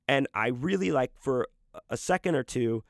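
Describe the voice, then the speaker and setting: A man's voice: mid-range voice, animated, normal speed, gravelly, no room sound, clean studio sound. A man casually telling a personal story, rambling and swearing freely with lots of fillers. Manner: profane, rambling, full of fillers.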